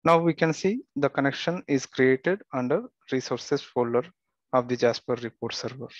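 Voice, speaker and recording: Male tutorial instructor, even mid pitch, dry muffled lo-fi mic, plain walkthrough delivery. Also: normal speed, no echo. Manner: steady step-by-step instructions with occasional fillers and restarts. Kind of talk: screen-recorded software tutorial.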